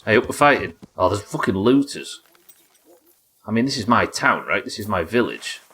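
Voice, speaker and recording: Streaming a game live, this man sounds expressive and slightly rough, speaking at normal speed with a bright, forceful tone. His running commentary is casual, profane and jokey, and tense fights draw high yelps from him.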